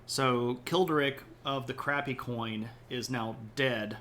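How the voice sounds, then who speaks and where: A man hosts a relaxed history livestream, joking and chatting his way through events and frequently asking "right?". His mid-range voice is slow, a bit bright, and fairly even in intonation, with slight background noise behind it.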